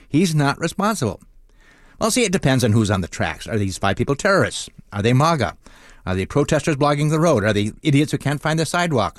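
A man's voice: medium pitch, dry recording, clean studio sound. A man reading a scripted comic monologue on radio, with a wry, sardonic delivery. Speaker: comic essayist.

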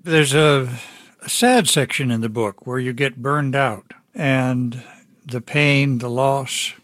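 A male host leads a broadcast interview with a mid-pitched voice. He asks his questions in a measured, considered way. The recording is close and dry. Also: fairly bright tone, dry recording.

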